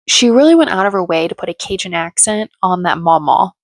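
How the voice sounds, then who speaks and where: A woman's voice: on the low side, expressive, fairly quick, few pauses, no echo. A woman giving a casual commentary recap of a reality show, with sarcastic, snarky asides.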